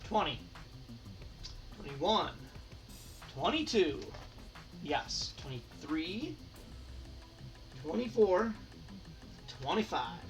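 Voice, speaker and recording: For his channel, a man from Michigan in the United States sorts and counts hockey cards aloud, keeping the commentary casual. His higher-pitched voice swings widely in pitch and moves very slowly with long pauses, captured on a distant mic with faint music behind.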